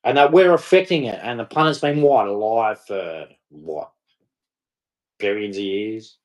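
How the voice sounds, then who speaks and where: A man's voice: fairly low pitch, measured pace. A man ranting to camera in a scornful, mocking, rambling way. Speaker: vlogger. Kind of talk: casual rant to camera.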